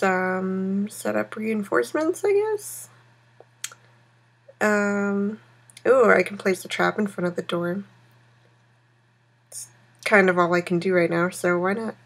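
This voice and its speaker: A woman's voice: medium pitch, creaky, fairly bright tone. A woman casually playing a text adventure game, thinking aloud and reading its narration. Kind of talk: let's-play reading and commentary.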